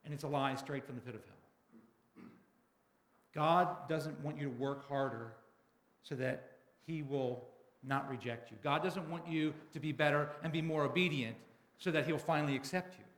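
A man's voice: fairly high pitch, normal speed, long pauses, a bit bright. A man preaching from a pulpit, his slightly raised voice ringing off the walls of an echoey room. He shifts between retelling a book and speaking straight to his listeners. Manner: reads a book passage aloud with dramatic feeling. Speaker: pastor. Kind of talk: sermon.

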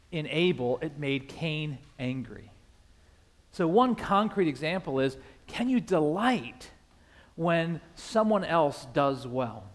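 A man preaching a sermon in a church, asking rhetorical questions that swell and fade. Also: high-pitched. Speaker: pastor.

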